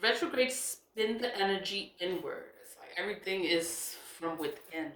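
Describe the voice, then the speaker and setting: A woman's voice: medium pitch, lively intonation, normal speed, fairly bright tone, roomy sound. A woman chatting casually about spiritual topics, reading questions aloud and answering in a rambling way, repeating herself and laughing often. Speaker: spiritual vlogger. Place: indoor room at a laptop.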